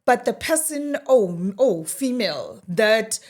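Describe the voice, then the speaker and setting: A South African woman in her thirties, a podcast guest telling her story in a lively, animated way, mixing English with Zulu and acting out what other people said. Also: on the high side, a little slow. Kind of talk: casual storytelling interview.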